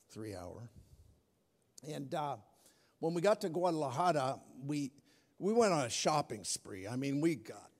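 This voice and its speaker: A middle-aged man preaching a sermon as pastor, telling a story in a lively, animated way. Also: on the high side. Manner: storytelling, animated, acts out his own panic. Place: large church hall. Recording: long hall reverb.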